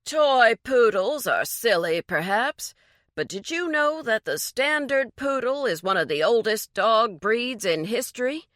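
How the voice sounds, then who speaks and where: A woman's voice: on the high side, lively intonation, unhurried, fairly bright tone, no echo, clean studio sound, voice pushed up. A woman voicing Bennett, a pompous man who lectures his friends in a formal, know-it-all way. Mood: lecturing.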